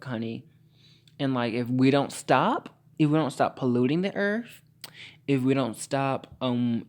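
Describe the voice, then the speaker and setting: A young man in his teens hosting a late-night solo podcast, rambling sassily, peppering every phrase with "like" and "honey", stumbling over his words with caffeine jitters and jumping into high, squealing mock-outrage. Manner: sassy, rambling, heavy use of "like" and "honey".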